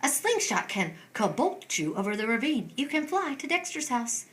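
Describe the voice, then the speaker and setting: A calm, thoughtful female spider speaks softly and without hurry, as a woman reading a storybook puts her on. Her tone is bright and lilting, and it rises and falls freely. She sounds like she is always mulling over an idea. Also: high-pitched, normal speed, pitched above the performer's own voice. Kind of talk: storybook read-aloud.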